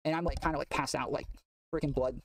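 Fast, rambling man with a gravelly voice. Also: fairly high pitch, no room sound, distant mic. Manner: rambling, many fillers, excitable. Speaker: guest telling a prison story. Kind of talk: casual storytelling on a stream.

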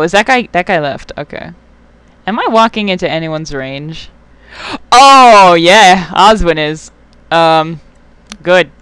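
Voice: mid-range voice, fairly bright tone, clear, resonant tone, dry recording. A young adult gamer giving casual let's play commentary, swearing often, getting worked up and talking back to the game.

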